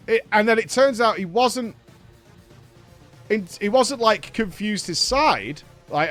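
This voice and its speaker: High-voiced profane streamer telling a story. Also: male voice, expressive, slow pace, a bit bright, soft background music. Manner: rambling, profane, breaks off to thank viewers. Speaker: streamer and show host. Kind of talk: casual live-stream storytelling.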